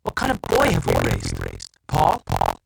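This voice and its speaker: A man's voice: medium pitch, normal speed, creaky, pitched above the performer's own voice. A man reading an audiobook, voicing a distraught middle-aged mother with a ragged, rising voice. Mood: ranting. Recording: loud background hiss.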